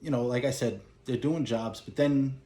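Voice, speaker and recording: A man's voice: mid-range voice, normal speed, dark tone, echoey room. A man casually recapping a movie plot in a rambling way, with lots of "you know" and "he's like". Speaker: movie collector recapping a film.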